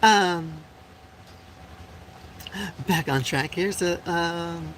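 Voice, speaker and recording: She draws out her words in a fairly low-pitched voice, captured in low-quality audio with slight background noise. In her forties and from Puerto Rico, she hosts a live stream, chatting informally with viewers, blunt in her answers to comments, heavy on fillers, and quick to laugh.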